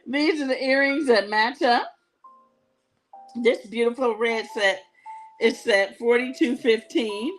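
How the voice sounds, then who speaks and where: A woman's voice: a little high, slow pace, long pauses, faint music behind, low-quality recording. A middle-aged woman hosting a live jewelry sales show, talking in a chatty, colloquial way and telling stories with frequent laughter. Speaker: shopping show host.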